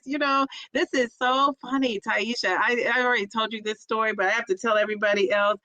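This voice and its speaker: A middle-aged woman chatting casually on a livestream, telling animated stories to her viewers. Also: a little high, fairly quick, few pauses, dry recording. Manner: chatty, animated storytelling with laughs. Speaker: vlogger.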